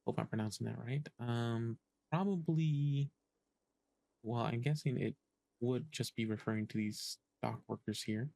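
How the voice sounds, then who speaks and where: A man's voice: medium pitch, unhurried, vocal fry, a little mellow, no echo. Male streamer, casual game commentary, hesitant, thinks aloud, dry mic. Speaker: gaming streamer. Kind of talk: casual let's-play commentary.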